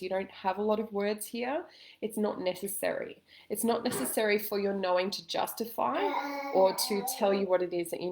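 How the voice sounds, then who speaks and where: A woman coaching listeners in a calm, gentle way, giving a spoken self-help lesson with slow pauses. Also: mid-range voice. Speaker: intuitive coach.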